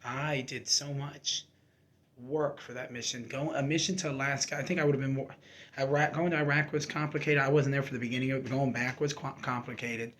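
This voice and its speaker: A man's voice: medium pitch, little pitch movement, brisk, fairly bright tone, slight background noise. Candid man telling a painful story. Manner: candid and emotional, rambling with fillers and restarts. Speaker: army reservist sharing his story. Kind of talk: personal storytelling to camera.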